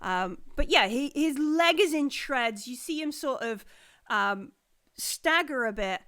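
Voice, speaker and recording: A woman narrating a tabletop game as game master, halting often and searching for words with many fillers. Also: high voice, animated, pushed and bright, dry recording, clean studio sound.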